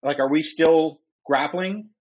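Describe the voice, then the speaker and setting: A man playing a tabletop role-playing game who slips into frantic shouting in character. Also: on the high side, slow, muffled recording. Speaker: player.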